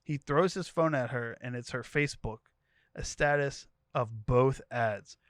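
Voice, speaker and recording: A man's voice: mid-range voice, unhurried, no echo, clean studio sound. A man co-hosting a podcast, reading a profane story thread aloud and quoting each character in turn. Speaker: podcast co-host.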